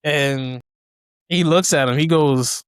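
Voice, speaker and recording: Recapping a movie plot on his podcast, this co-host keeps things relaxed and casual, animatedly voicing the characters' lines as he goes. His smooth, clear voice sits fairly high and moves slowly, captured close and dry with no room sound.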